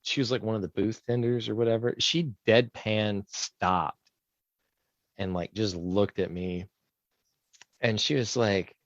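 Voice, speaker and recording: A man with a lowish voice chats loosely on a podcast, telling rambling stories and slipping into other people's voices as he quotes them. The sound is dry and a bit dull, like a lo-fi recording. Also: fairly even intonation, measured pace, pauses often, no echo. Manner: rambling storyteller, acts out quotes. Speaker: podcast co-host. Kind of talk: casual chat.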